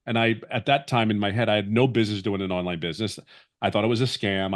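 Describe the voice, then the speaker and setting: A man in his fifties, a webinar guest giving a personal testimonial in an earnest, rambling way with many restarts. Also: lowish voice. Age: 50s.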